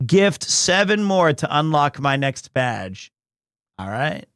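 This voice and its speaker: A man streaming live in casual chat, excitable, often breaking into shouts and laughter. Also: a little high, slow pace, clean tone, dry recording, studio quality. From United States.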